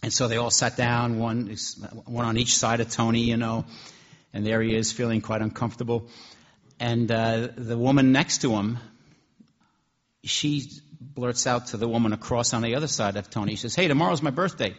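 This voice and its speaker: A man's voice: mid-range voice, little pitch movement, normal speed, dull audio. A man preaching a sermon, telling a story in a conversational way with frequent restarts.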